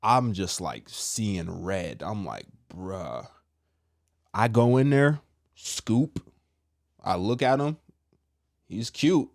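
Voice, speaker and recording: A man casually telling a personal testimony, animated and full of slang, acting out what others said. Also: fairly low pitch, slow, long pauses, no echo, clean studio sound. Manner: animated, acts out quotes with slang. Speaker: storyteller sharing a testimony.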